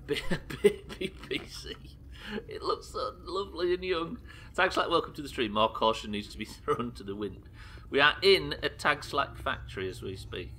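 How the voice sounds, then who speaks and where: A man from the UK streaming a game live, swearing often and reacting loudly between muttered asides. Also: lowish voice, slight background noise. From United Kingdom. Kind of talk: live gameplay commentary.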